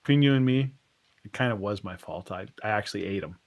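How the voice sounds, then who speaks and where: A man voicing a weary male great white shark who is a doctor, told deadpan inside a joke. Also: lowish voice, quick pace, voice pushed down, close to an everyday voice. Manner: deadpan joke-telling delivery.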